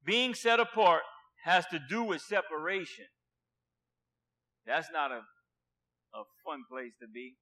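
A man preaching a sermon with passion, dropping to a hush and then rising loud, repeating words for emphasis. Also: a little high, a little slow, pauses often. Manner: impassioned, swinging from hushed to loud.

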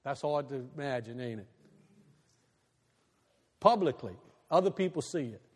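A male pastor preaching a sermon, animated, swinging between loud bursts and quiet, low asides. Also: normal speed. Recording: long reverb in a large hall.

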